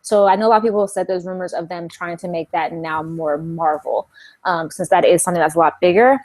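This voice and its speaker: A woman's voice: lowish voice, steady tone, fast, a little mellow. A young woman from California co-hosting a casual podcast chat, talking in a chatty way with lots of "like" and restarts. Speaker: podcast co-host.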